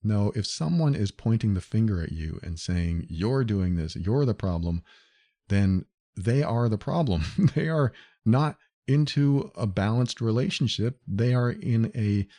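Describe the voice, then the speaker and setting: A man's voice: on the low side, expressive, unhurried, warm tone, no room sound. A man hosting a solo podcast, talking earnestly and directly to the listener as he explains. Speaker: podcast host.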